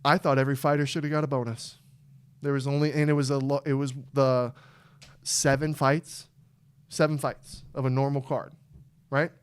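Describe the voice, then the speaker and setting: Young male podcast co-host, smooth resonant voice, casual and rambling, prone to loud fired-up outbursts. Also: moderate pace, long pauses. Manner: excitable, swings from low mumble to loud outbursts. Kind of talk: casual chat.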